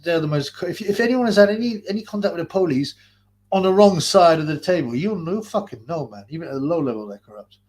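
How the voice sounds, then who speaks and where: A man's voice: on the high side, animated, quick pace, a little mellow. A man ranting profanely on a live stream, mocking and laughing, his nose blocked so his breathing is heard. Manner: abusive, mocking, laughing, mimics callers.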